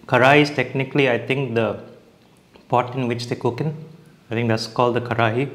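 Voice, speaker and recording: A man's voice: mid-range voice, fairly even intonation, fairly quick, a bit bright. A young man casually reviewing dishes as he eats, chatty and hesitant, restarting his sentences and talking with his mouth full. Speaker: food vlogger.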